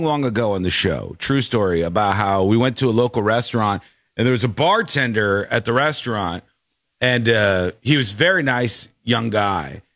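A man co-hosting a casual chat show, talking in an animated, jokey way as he tells stories. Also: mid-range voice, no echo, studio quality. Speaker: podcast co-host.

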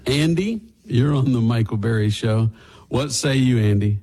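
Male talk radio host, unhurried, husky and mellow, dry comic timing. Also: mid-range voice. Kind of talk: radio call-in show.

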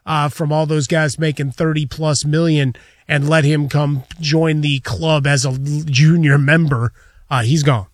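A man's voice: fairly high pitch, fairly even intonation, unhurried, no echo. A man co-hosting a sports radio show in a studio, chatting conversationally with dry quips.

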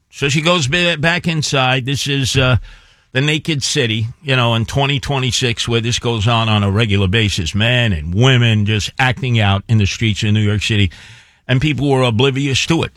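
A man's voice: mid-range voice, normal speed, a bit bright, no room sound, studio quality. A man on a talk show, telling a story in a rambling, emphatic way with asides.

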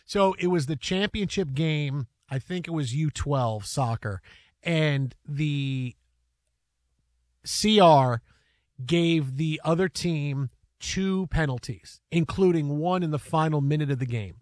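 Man, sports talk co-host, casual chat, animated storyteller, high voice, dry close sound. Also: takes it slowly, no echo. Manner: animated storytelling, acts out quotes.

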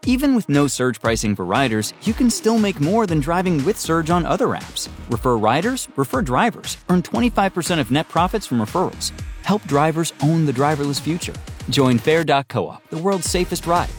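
A man's voice: on the high side, very animated, normal speed, faint music behind. A man reading a radio ad in a punchy, upbeat announcer style.

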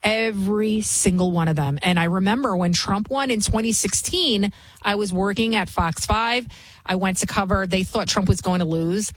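A woman hosts a talk show, firing off opinions at high speed with hardly a pause between sentences. Her tone turns sarcastic and mocking as she rants. The voice is a little husky and sits close and dry on the mic. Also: dry recording, poor audio. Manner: talks fast, rarely pauses. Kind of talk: opinionated talk radio commentary.

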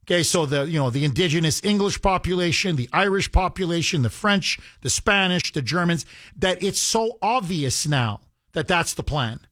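Man, radio talk host, call-in show, emphatic, heated, slightly high voice, dry studio sound. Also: lively intonation, moderate pace, fairly bright tone, no room sound.

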